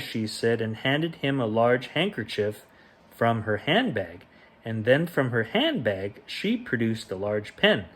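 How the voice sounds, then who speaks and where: A man's mid-range voice carries a bedtime reading of a children's picture book. He goes gently and without hurry, shaping the quoted lines with their own ups and downs.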